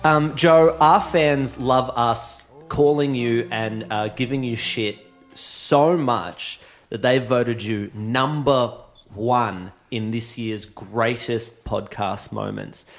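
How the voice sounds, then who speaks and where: A man's voice: medium pitch, takes it slowly. A man co-hosting a podcast, brash and mock-indignant, swearing freely in casual banter. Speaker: podcast co-host.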